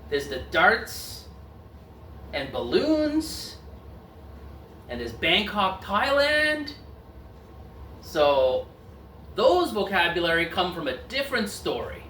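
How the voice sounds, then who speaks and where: A man casually telling a travel story as host, animated and acting out the quoted voices. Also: high-pitched, slow, long pauses, slight background noise. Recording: echoey room, mic at a distance.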